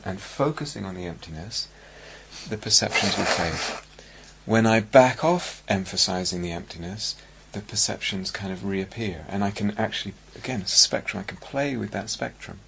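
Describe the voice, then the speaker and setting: On a retreat, a meditation teacher gives a dharma talk, speaking slowly and searchingly with many pauses and restarts. His voice is fairly low, creaky, and fairly bright, with slight background noise.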